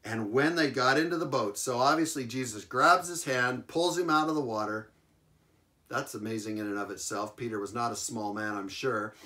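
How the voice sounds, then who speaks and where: A man preaching a sermon, retelling a Bible story with lively emphasis, repeated phrases and frequent chuckles. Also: medium pitch, moderate pace.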